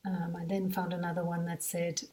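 A woman's voice: fairly low pitch, completely flat delivery, normal speed, dark tone, distant mic. A woman with a South African accent, hosting a podcast as a mother, talking in a chatty way full of asides. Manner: chatty, thinks aloud with frequent asides. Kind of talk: casual podcast monologue.

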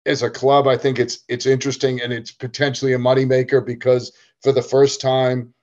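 A tennis coach talks through his thoughts on a casual podcast, often restarting sentences. His voice is at a medium pitch for a man. The recording sounds a little dull and lo-fi. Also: little pitch movement, fairly quick, darkish tone. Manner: thoughtful, explanatory, with frequent restarts. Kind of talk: casual chat.

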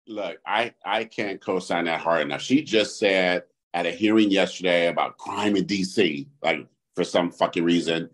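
A man co-hosting a podcast, chatting casually and getting worked up, swearing and jumping to high outbursts when riled. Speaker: podcast co-host. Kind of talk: casual chat.

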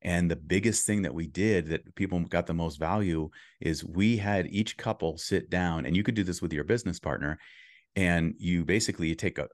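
Deep-voiced man giving coaching advice. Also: dry recording, studio quality. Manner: earnest, coaching tone with frequent restarts. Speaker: podcast guest. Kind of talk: casual interview chat.

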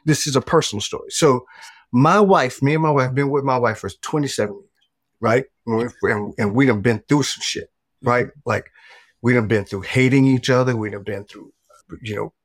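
Animated middle-aged man telling a story. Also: mid-range voice, normal speed, no echo, clean studio sound. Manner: animated, emphatic, swears casually. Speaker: guest author. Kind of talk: conversational storytelling.

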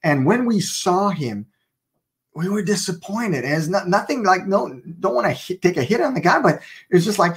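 A man's voice: high-pitched, expressive, normal speed, breathy edge. A man co-hosting a casual faith podcast, playful and fond of wordplay, telling stories with animation. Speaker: podcast co-host and author.

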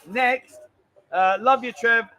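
A man's voice: extremely high pitch, slow pace, bright, forceful tone, low-quality recording. A middle-aged man hosting a live stream, chatty and bantering as he rambles along. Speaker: livestream host. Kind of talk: casual live-stream chat.

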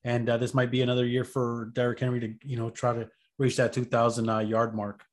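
A man's voice: medium pitch, monotone, fairly quick. Chill guy on a sports podcast, rambles through his picks. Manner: laid-back, rambling explanations. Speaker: podcast co-host. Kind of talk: casual sports betting chat.

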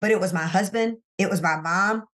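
A woman sales coach, a guest in an interview, telling her story in an emphatic, animated way and talking straight to listeners, from her office. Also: medium pitch, fairly quick. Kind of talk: candid faith-based interview storytelling.

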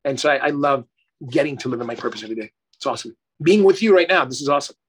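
A man's voice: mid-range voice, very fast, a little hiss or hum. A middle-aged man, a life coach, talking effusively and emphatically in a casual interview, swearing casually.

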